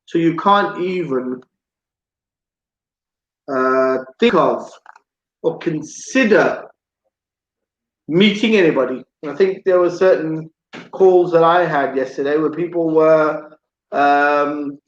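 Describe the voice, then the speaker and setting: Male talk show host, higher voice, slow chatty delivery, roomy dull-sounding room. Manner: chatty, jokey, repeats words. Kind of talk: live radio talk show.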